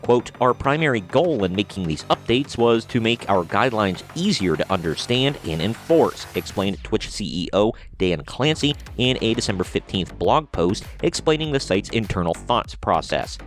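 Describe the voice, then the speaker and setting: A man's voice: on the low side, sing-song, moderate pace, hardly any pauses, faint music behind. A man hosting a commentary video, reading out news articles and adding blunt, sarcastic remarks of his own. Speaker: commentary channel host.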